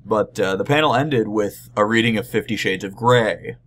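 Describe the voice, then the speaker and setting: A young man recapping a convention panel in a casual vlog, rambling and halting with many restarts and a wry, deadpan touch. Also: fairly low pitch. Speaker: vlogger.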